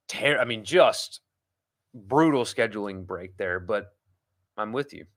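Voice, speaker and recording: A man's voice: on the low side, pushed and bright. A man hosting a live sports talk show, reading viewer comments and rambling through opinions with frequent restarts. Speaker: sports podcast host. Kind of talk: casual live-stream chat reading comments.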